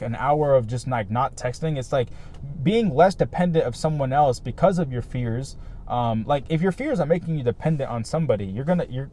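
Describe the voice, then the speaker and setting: An earnest man vlogging in a loose, rambling way, leaning on "like" and "right?" as he thinks aloud. His voice sits at an ordinary middle pitch, and his talk stays casual and sincere. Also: a little mellow. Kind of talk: casual reflective talk to camera.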